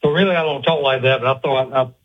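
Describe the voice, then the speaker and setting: A man's voice: mid-range voice, fast, dry recording. A man from South Carolina with a thick South Carolina accent, calling into a radio show in good humor. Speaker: caller. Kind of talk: phone call to radio show. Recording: muffled phone line.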